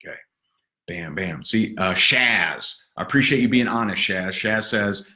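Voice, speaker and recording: A man giving livestream sales training in an energetic, sarcastic, punchy motivational way. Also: fairly low pitch, a little slow. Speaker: network marketing trainer. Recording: roomy echo.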